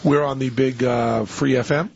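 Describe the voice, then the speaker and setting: Male talk radio host, excitable rambler, rough gravelly voice, muffled radio sound. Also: medium pitch, normal speed, slight background noise. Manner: excitable, stammering restarts, gleeful. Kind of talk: casual radio talk show banter. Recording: dull lo-fi radio broadcast.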